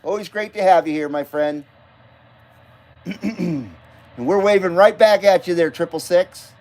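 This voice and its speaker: Late at night, a Nevada man hosts a laid-back live stream, his fairly high voice a bit slow with a darkish tone. His rambling talk drifts between subjects with some profanity, and he often stops to say hello to viewers by name.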